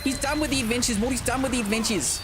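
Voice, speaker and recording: A man doing a shrill manic old cartoon scientist. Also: fast talker. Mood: frantic. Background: game music.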